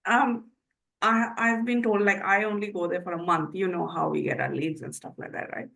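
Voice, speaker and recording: A woman's voice: lowish voice, fairly even intonation, normal speed, creaky, fairly bright tone, poor audio. A woman, a podcast host having a reflective, conversational discussion and asking probing questions. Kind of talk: casual conversation.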